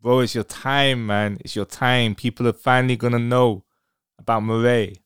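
A podcast host chats casually with a guest in an enthusiastic, effusive interview. His medium-pitched voice is a bit bright, clear and resonant, with fairly even intonation at a moderate pace, recorded dry with studio quality.

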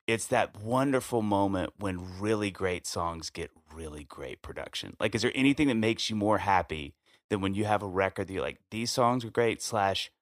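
A man's voice: lowish voice, normal speed, dry recording, studio quality. A man co-hosting a podcast, telling stories in casual chat with lots of laughter. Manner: animated storyteller, laughs often. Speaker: podcast co-host.

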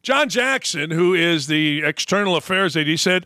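A man hosting a sports talk show, ranting with sarcasm and animated swings. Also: a little high, moderate pace, hardly any pauses, no room sound, studio quality.

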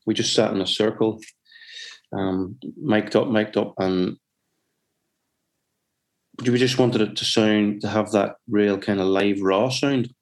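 A man's voice: fairly low pitch, fairly even intonation, takes it slowly, pauses often. A man from Northern Ireland with a Northern Irish accent, a musician telling stories in a casual, rambling way with many restarts. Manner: rambling, with frequent restarts and self-corrections. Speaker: musician guest. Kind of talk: casual anecdotal chat.

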